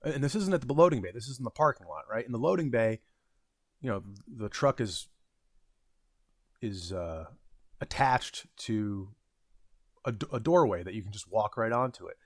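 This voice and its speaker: Speaking at a normal speed with an expressive, lowish voice, a man in his thirties who vlogs pauses often as he tells a rambling, self-deprecating story about his retail job. The recording is dry and studio-clean, and his casual delivery is packed with fillers and restarts.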